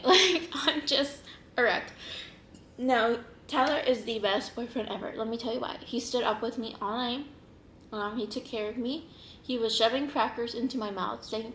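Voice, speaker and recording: Young woman, eating-show host, animated storyteller, higher voice, roomy echo. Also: moderate pace, slight background noise. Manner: animated, rambling, laughs often, acts out quotes. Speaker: mukbang host. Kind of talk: casual storytelling. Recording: roomy echoing room.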